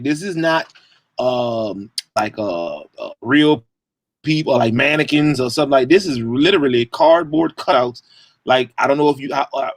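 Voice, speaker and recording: A man's voice: medium pitch, dry recording. A man, co-hosting a sports talk show in a rambling, hesitant way. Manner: rambling, hesitant, lots of fillers. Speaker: co-host.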